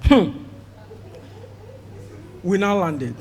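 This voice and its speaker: High-voiced Nigerian stand-up comedian. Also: male voice, very slow, vocal fry, a little hiss or hum. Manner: animated storytelling, mixing in pidgin. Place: live comedy show before an audience. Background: audience laughter.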